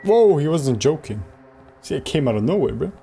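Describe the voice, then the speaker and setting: A man doing let's play commentary, reacting excitedly to a game as he plays. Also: on the high side, moderate pace, gravelly, breathy edge, soft background music. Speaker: gamer.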